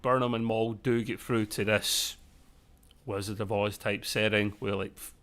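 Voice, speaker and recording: A man's voice: on the low side, steady tone, a little slow, fairly bright tone. A man co-hosting a casual live discussion, rambling and self-correcting with jokey asides. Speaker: podcast co-host.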